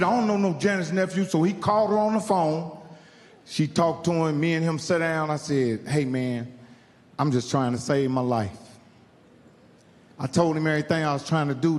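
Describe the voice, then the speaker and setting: A man's voice: on the high side, moderate pace, long reverb tail. A man from Indiana doing stand-up, telling a profane story and acting out the other people in it. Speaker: stand-up comedian. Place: live comedy venue.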